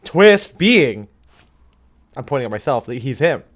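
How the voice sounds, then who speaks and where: Animated rambling male podcast co-host. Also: medium pitch. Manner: rambling, animated, quick asides and quoted movie lines. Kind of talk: casual chat.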